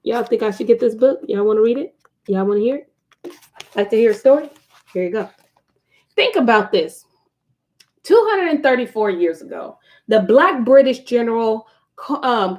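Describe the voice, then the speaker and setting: A woman's voice: fairly high pitch, a little mellow. A woman hosting a casual live stream, reading a book aloud to her viewers, chatty and prone to digressions and asides.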